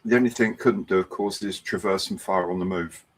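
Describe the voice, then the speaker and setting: Deep-voiced man explaining military history. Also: fairly even intonation, a little fast, slight background noise, rough recording. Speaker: panel guest on a hobby stream. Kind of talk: casual livestream chat.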